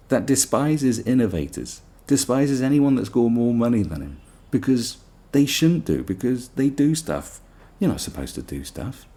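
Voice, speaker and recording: A man's voice: medium pitch, darkish tone. A man hosting a podcast, delivering a sarcastic, profane political rant full of mockery. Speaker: podcast host. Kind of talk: ranting political monologue.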